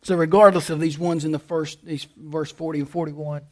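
High-voiced man preaching emphatically. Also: level tone, moderate pace. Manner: emphatic preaching with repeated lists and rhetorical questions. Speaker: pastor. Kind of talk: sermon.

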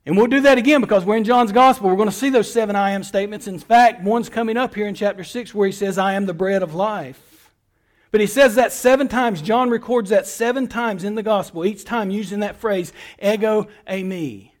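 A middle-aged male pastor with a high voice delivers a sermon. He builds his points through emphatic repeated phrases. He rises to forceful appeals, then drops to quiet, hushed words. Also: brisk.

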